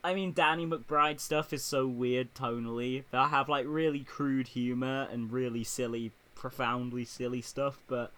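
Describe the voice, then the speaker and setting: A man's voice: medium pitch, steady tone, measured pace, hardly any pauses, a bit bright, a little hiss or hum. Man laughing through casual TV chat. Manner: laughs often, acts out quotes.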